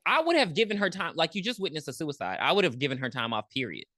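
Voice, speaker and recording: Low-voiced, blunt woman podcaster. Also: fast, no echo, clean studio sound. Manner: blunt, profane, animated. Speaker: podcast co-host. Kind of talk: casual movie recap chat.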